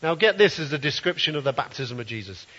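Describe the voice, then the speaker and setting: Male preacher, earnest sermon delivery, bright tone, slightly high, dull echoing hall recording. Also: animated, fast. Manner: earnest, reads scripture aloud and comments. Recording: dull, roomy hall sound.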